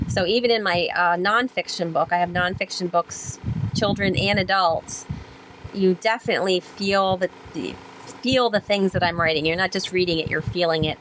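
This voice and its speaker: A woman guest on a podcast who is a sailor and author, telling her experiences in an animated, rambling way with many fillers and acted-out quotes. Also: on the low side, slight background noise, rough recording. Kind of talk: conversational storytelling interview.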